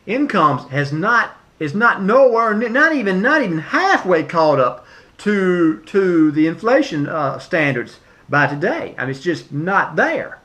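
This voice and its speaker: A middle-aged American man ranting directly at the president in a casual, impassioned way, often repeating himself and restarting phrases. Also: a bit bright. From United States. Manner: impassioned, repetitive, restarts, swings from low mutter to high outbursts. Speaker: vlogger addressing the president. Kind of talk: casual spoken rant.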